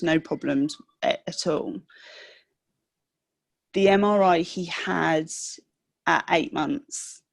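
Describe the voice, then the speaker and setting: A young woman, a podcast guest, telling the story of her sick child in a halting, emotional way with many restarts. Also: lowish voice, gravelly, darkish tone, dry recording. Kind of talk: personal storytelling in a podcast interview.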